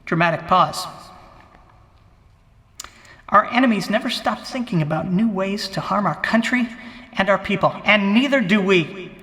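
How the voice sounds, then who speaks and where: Comic bit: man impersonating a pompous president at the podium, high, bright and forceful, grand declaiming cadence, long hall reverb. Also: unhurried, long pauses. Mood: grandiose. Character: pompous blustering male president giving an inaugural speech. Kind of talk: comic impression, mock political speech.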